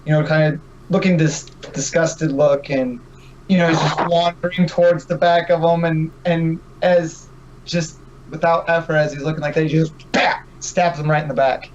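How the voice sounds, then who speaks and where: A man's voice: a little high, flat delivery, normal speed, muffled recording, slight background noise. A man playing a tabletop game, hesitantly describing what his character does. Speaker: player. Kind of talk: casual tabletop play.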